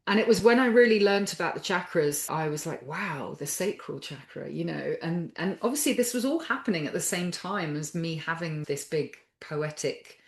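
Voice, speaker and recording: Low-voiced woman, soft and reflective. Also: expressive, normal speed, few pauses, reverberant. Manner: soft-spoken, thoughtful, circling phrases with fillers. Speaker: podcast guest. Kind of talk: reflective conversational interview.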